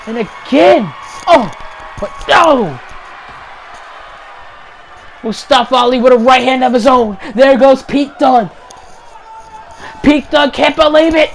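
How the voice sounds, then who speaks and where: A man calling play-by-play wrestling commentary over gameplay, excitable, shouting the big moves and repeating each call. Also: extremely high pitch, slight background noise, low-quality recording. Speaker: YouTube gaming channel host.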